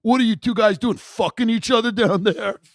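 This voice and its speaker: Man putting on a sneering older brother: a young in-shape cop, crude and shouting, voice pushed up high. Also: moderate pace, no echo. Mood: jeering.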